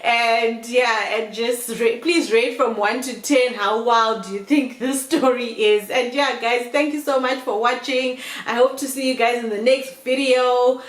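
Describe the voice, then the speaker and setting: A young woman vlogger telling a storytime tale in an animated way, often calling her viewers "guys". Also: on the high side, measured pace, hardly any pauses. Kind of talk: storytime vlog. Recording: roomy echo.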